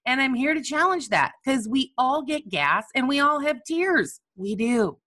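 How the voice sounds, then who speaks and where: Woman, candid personal monologue, bright tone, animated and self-mocking, coach. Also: high voice, unhurried.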